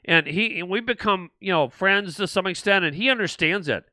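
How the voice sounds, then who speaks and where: A man's voice: high-pitched, normal speed, bright, forceful tone, dry recording. An older man hosting a political livestream, rambling and indignant, with frequent restarts as he answers viewer comments. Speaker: livestream host.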